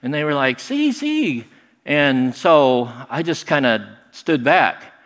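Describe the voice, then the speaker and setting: Animated middle-aged man in a reverberant hall. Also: mid-range voice, takes it slowly. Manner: animated, acts out other people's lines. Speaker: storyteller. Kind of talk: personal story told to an audience.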